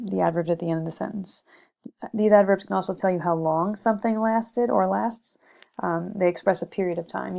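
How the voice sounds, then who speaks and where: A woman's voice: lowish voice, creaky, darkish tone. A young woman giving a recorded slide lecture on grammar, methodical, with frequent "okay" and "um". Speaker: teacher presenting a lesson.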